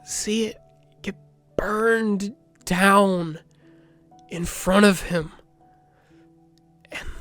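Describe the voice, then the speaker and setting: A man narrating a video essay in a measured, reflective way, with dramatic pauses. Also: high voice.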